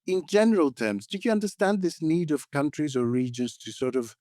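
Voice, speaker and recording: A man's voice: a little high, very animated, a little fast, a little mellow, dry recording. A man co-hosting a podcast, chatting through the news in a wry, thoughtful way on a close mic. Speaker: podcast co-host. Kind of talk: casual news chat.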